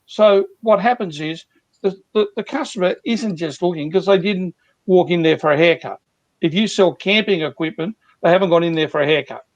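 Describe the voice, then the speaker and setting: High-voiced male sales coach, earnest. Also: moderate pace, no echo, highs cut off. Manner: earnest, repetitive, talks through examples. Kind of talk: guest explaining sales techniques.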